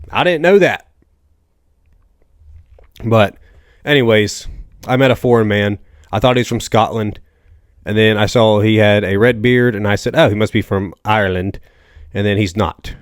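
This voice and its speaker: A man's voice: on the low side, moderate pace, pauses often, no echo, studio quality. A young man from the American South hosting a casual solo podcast, rambling and joking through stories with lots of asides. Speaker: podcast host.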